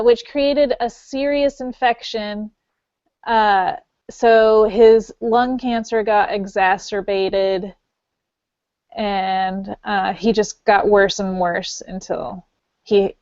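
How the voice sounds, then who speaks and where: Young woman co-host, very slow and unhurried, curious questions. Dry, dull audio. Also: medium pitch, fairly even intonation, a little mellow, no room sound. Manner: curious, asks questions, laughs along. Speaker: podcast co-host. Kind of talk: casual chat.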